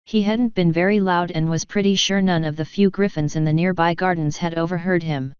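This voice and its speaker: A woman reading fan fiction aloud in an even, measured audiobook narration. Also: on the low side, clear, resonant tone, dry recording, muffled recording. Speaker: fanfiction reader.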